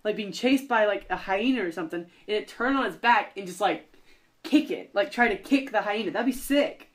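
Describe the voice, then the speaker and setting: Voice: medium pitch, expressive, brisk. A young adult podcast host chatting casually, rambling with many fillers and self-corrections. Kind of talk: casual chat.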